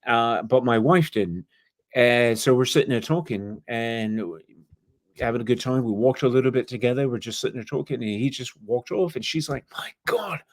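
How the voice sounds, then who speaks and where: A man's voice: mid-range voice, normal speed, no room sound, clean studio sound. A man from England, an author guest on a podcast, telling rambling stories full of asides. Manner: rambling, storytelling with fillers and asides. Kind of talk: casual interview storytelling.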